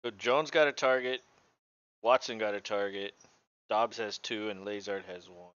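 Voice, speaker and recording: Casual male host, bright voice, play-by-play from home, dry dull mic. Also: lowish voice, fairly even intonation, normal speed, clean tone, no echo. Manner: chatty, laughs often, talks to his dog. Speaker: podcast host doing live play-by-play. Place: home room with his dog.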